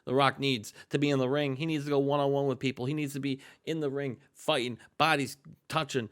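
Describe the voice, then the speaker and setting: A man's voice: mid-range voice, little pitch movement, brisk, fairly bright tone. A man casually narrating wrestling game results to a co-host, joking and swearing freely with hype-man flair. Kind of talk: casual gaming commentary.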